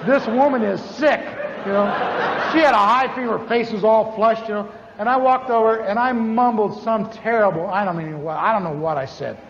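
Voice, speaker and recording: A man preaching a sermon as a story, animated and acting out the voices of the people in it. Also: normal speed. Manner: animated, acts out dialogue with big pitch swings. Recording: echoey hall, dull lo-fi sound with faint noise.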